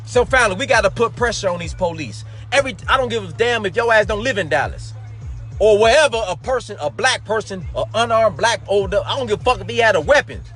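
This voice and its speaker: A man's voice: high-pitched, lively intonation, fast talker, a bit bright. A man hosting a live talk show, delivering an angry, profane commentary monologue and calling his listeners family. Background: faint background music.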